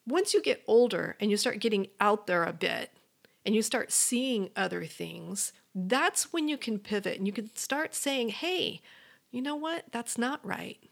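Animated and gravelly at medium pitch, this motivational podcast host talks at normal speed, coaching her listeners directly with earnest encouragement. Now and then she falls to a soft whisper.

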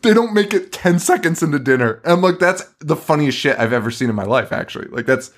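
Animated husky-voiced man ranting about a movie. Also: a little high, fast. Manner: animated, profane, acts out quotes from the movie. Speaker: podcast co-host. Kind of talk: casual chat.

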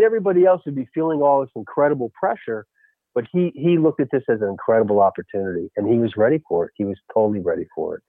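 A former baseball coach telling a lively story in a radio interview, peppering his talk with "you know" and "right?". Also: mid-range voice, racing, dry recording. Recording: tinny phone line.

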